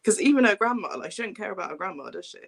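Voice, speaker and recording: A man with a gravelly, slightly raised voice talks bluntly on a livestream panel. He says "like" every few words and keeps his opinions sharp and direct. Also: high voice, lively intonation, very fast. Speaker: livestream host. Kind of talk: casual panel chat.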